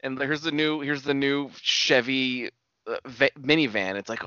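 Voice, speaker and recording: A man bantering loosely on a podcast, his voice bright and forward. The recording is dry and close, with a dull lo-fi tone. He chats at an easy, unhurried clip. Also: medium pitch, fairly even intonation, clear, resonant tone, no echo. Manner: laid-back banter, swears. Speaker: podcast co-host. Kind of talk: casual chat.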